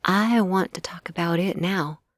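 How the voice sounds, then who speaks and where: A woman's voice: on the low side, a little slow, no echo. A woman voicing a defiant young vampire slayer who speaks sharply.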